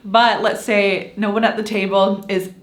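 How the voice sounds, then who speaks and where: A woman co-hosts a relaxed board game review, talking freely and laughing often. Her voice sits at a middling pitch. The room around her is echoey. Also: normal speed. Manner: chatty, laughs often, bursts into playful sing-song announcer voice. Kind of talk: casual review chat.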